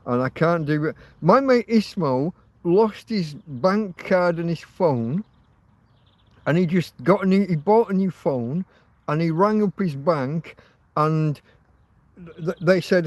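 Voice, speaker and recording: A man's voice: fairly high pitch, a little slow, dry recording. A man hosting a casual livestream, rambling, laughing often and swearing. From Britain. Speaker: livestream host.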